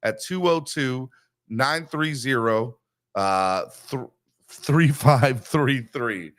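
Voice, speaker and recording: A man's voice: mid-range voice, extremely slow, a bit bright. A man hosting a sports podcast morning show, talking in an upbeat, hyped-up way while plugging the channel and sponsors from a bare new room. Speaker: podcast host.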